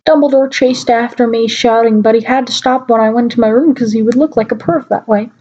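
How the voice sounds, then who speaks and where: A woman's voice: a little high, steady tone, fairly quick, warm tone, muffled recording, slight background noise. A woman giving a mock-dramatic reading aloud, stopping now and then for wry asides, recorded at home on a laptop mic. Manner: mock-dramatic, breaks off to comment wryly. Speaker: reader.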